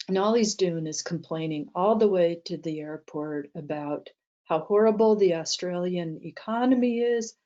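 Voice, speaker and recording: Woman telling a story in a mellow voice. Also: low-pitched, lo-fi sound. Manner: anecdotal, frequent fillers and restarts. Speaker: mindset teacher. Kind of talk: storytelling talk to an audience.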